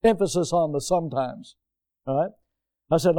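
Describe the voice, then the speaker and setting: A man preaching a sermon from the pulpit in a lively, conversational way, full of repetition and everyday asides. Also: fairly high pitch, normal speed. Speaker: pastor. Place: church.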